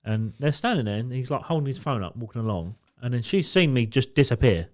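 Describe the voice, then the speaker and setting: A young man spins a boozy holiday story on a podcast, swearing freely and acting out the people in it. His voice sits mid-pitch and he talks in easy, lively casual chat. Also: fast talker. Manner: swearing, animated anecdote-telling with quoted voices. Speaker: podcast co-host.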